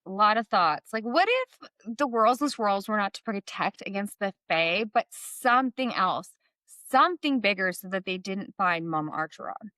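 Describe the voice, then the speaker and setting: A woman's voice: mid-range voice, animated, normal speed, pushed and bright, no echo. A woman co-hosting a book podcast, chatting casually, reading passages aloud and laughing often. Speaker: podcast co-host. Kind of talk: casual book discussion chat.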